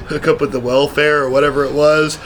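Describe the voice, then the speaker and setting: A man's voice: on the high side, little pitch movement, a little fast, a loud crowd. A man co-hosting a podcast, laid-back and laughing often in casual chat. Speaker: podcast co-host.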